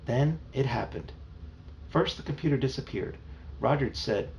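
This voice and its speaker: A man's voice: mid-range voice, animated, normal speed, vocal fry, darkish tone. A man reading a children's novel aloud in a plain storytelling manner, with a few small slips. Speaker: reader. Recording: muffled home recording, faint hiss.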